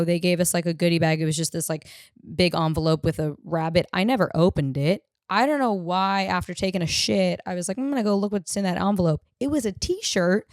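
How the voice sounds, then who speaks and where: A young woman tells stories on her home podcast in a lowish, smooth voice. She talks in an animated, crude, self-mocking way. The sound is dry and close. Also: no room sound. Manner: animated, profane, self-deprecating storytelling. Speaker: podcast host. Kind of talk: casual storytelling chat. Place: home room used as podcast studio.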